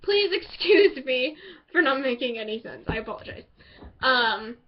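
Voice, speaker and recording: A woman casually reviewing a TV episode, excitable and rambling as she gushes over the characters. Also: high voice, normal speed. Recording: dull lo-fi home recording.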